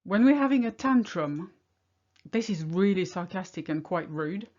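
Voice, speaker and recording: A woman's voice: on the low side, lively intonation, normal speed, a little mellow. A middle-aged woman from France with a French accent, teaching in a chatty, wry way. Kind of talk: casual video lesson. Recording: slightly muffled home recording.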